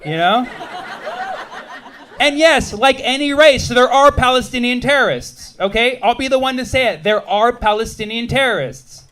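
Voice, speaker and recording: A man in his thirties, from the United States, doing a stand-up comedy set with quick, animated crowd work on a club stage. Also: sits high.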